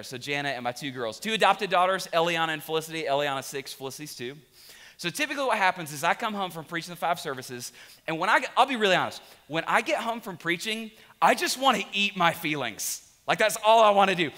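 A man preaching a sermon as pastor, animated and joking at times, then quiet and confessional. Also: high voice, fairly quick. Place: large church auditorium. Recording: long reverb of a big hall.

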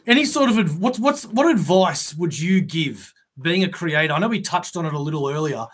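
A man's voice: fairly high pitch, expressive, brisk, fairly bright tone. A man hosting an interview show, asking rambling, friendly questions with restarts. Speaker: podcast host. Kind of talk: casual interview chat.

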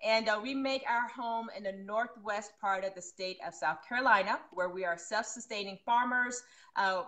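A woman's voice: mid-range voice, pushed and bright. A woman in her forties hosting a homeschooling podcast, talking in an encouraging and emotional way. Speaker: podcast host. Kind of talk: podcast interview.

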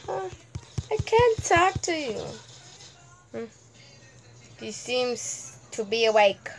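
A woman giving casual gameplay commentary, excitable, humming suspense sounds and talking to the characters on screen. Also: high-pitched. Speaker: gamer host.

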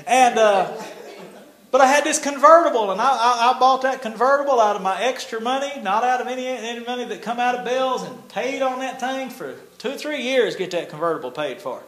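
Older guy preaching, high voice, folksy storytelling, echoey church room. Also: expressive, fairly quick, a bit bright. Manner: folksy storytelling with laughs and nonstandard grammar. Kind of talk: testimony sermon.

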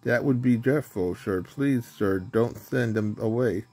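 A man with a husky voice reading the part of a nervous small male steam engine, who hesitates and keeps saying sir. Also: medium pitch, a little slow, a little mellow.

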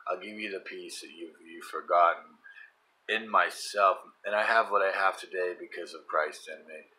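Middle-aged man, fervent preaching monologue, slightly low voice, bright edge, soft to loud. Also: steady tone, moderate pace, rough recording. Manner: fervent, repetitive, swings from soft prayer to loud urgent testimony. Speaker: Christian vlogger. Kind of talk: impassioned religious monologue.

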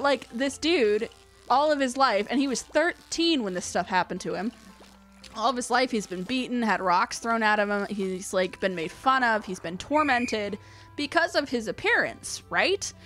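A woman hosting a let's-play, chatting casually as she plays. She rambles and gushes, packing her talk with "like," in a voice pitched a little high. Soft game music plays quietly underneath. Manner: gushing, rambling storyteller with lots of "like". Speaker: let's-play gamer host.

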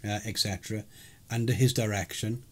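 A man's voice: on the low side, steady tone, fairly quick, slight background noise. A man co-hosting a podcast, recapping a live role-play event in casual chat, rambling and chuckling with many fillers. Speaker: podcast co-host.

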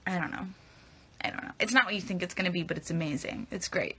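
Speaking fast with a sharp, slightly rough voice on the low side, a young woman fields fan questions during a casual live Q&A. She rambles and hesitates, tripping over her words. The mic is a phone at arm's length.

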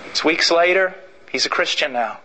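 Male preacher, high and bright, who drives points home through repetition. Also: moderate pace, slight background noise, rough recording. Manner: emphatic and repetitive, acting out stories. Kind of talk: sermon.

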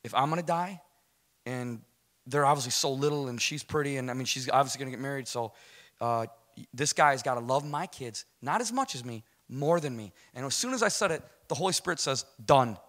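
A man's voice: medium pitch, brisk, fairly bright tone. A middle-aged American man giving an emotional personal testimony, storytelling and acting out the dialogue, often checking in with "right?". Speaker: guest speaker giving testimony.

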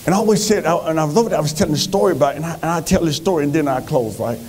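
A man giving an energetic motivational speech on a conference stage, telling stories with animated delivery. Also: a little high, very fast. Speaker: motivational speaker.

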